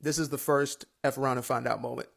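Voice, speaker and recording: A man's voice: medium pitch, fairly even intonation, quick pace, vocal fry. A man hosting a commentary video, lecturing through a rebuttal with dates and facts.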